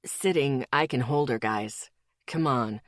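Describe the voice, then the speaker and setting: Woman voicing a gentle soothing young man. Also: a bass voice, unhurried, dry recording, clean studio sound, pitched below the performer's own voice. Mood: tender. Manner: soft-spoken, whispering.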